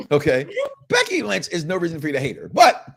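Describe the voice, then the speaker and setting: Animated joking Midwestern man host. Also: a little high, a little fast, creaky, breathy edge. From Chicago, US Midwest. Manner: animated, joking, keeps checking in with "okay?". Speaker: podcast host. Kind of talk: casual wrestling talk show chat.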